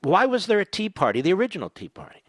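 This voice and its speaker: A man's voice: sits high, wildly swooping pitch, quick pace, no room sound. A man hosting a talk radio show, delivering a combative, sarcastic political monologue that rambles from point to point.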